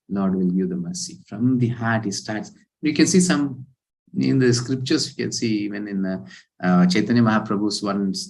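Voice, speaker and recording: Man with an Indian accent teaching scripture. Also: medium pitch. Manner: animated storytelling with Sanskrit verse recitation. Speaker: spiritual teacher. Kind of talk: scripture class lecture.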